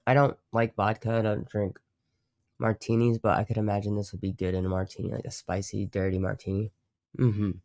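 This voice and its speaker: This male livestream host has a fairly low, darkish voice with little pitch variation and a brisk pace. He rambles and swears casually, often cutting himself off to correct himself, and the studio recording is clean with no echo.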